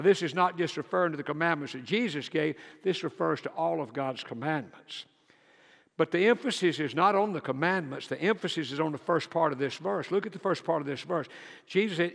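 A pastor preaching a sermon in an earnest way, repeating words as he goes and moving between loud emphasis and soft asides. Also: on the high side, vocal fry, big-room sound.

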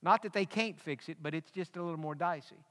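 Bright-voiced preacher in a hall. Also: male voice, on the high side, a little fast. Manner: storytelling preacher, rising to emphatic peaks. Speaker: pastor. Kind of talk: sermon.

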